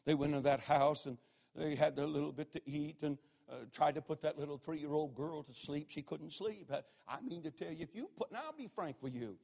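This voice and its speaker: A man, his voice sitting a little high for a man. He tells his stories with drama, sinking to a near hush and then rising to a shout. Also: brisk, vocal fry. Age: 60s. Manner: dramatic, swings from hushed to shouting. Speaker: preacher. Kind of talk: sermon with storytelling.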